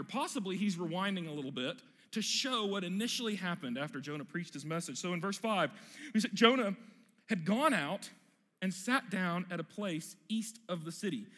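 Man, pastor, sermon, emphatic storyteller, high voice, long hall reverb. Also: a bit bright.

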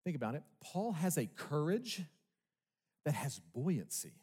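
A man's voice: fairly high pitch, sing-song, slow pace, a little mellow, slightly rough. A male pastor preaching a sermon with emphasis, asking his congregation rhetorical questions. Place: church sanctuary. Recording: long reverb of a large hall.

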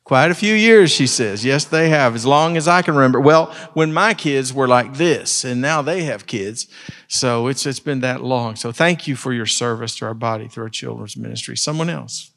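Pastor in a reverberant sanctuary. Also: male voice, mid-range voice, normal speed, vocal fry. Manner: warm joking banter with congregation. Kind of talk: church service, leading testimonies. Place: church sanctuary.

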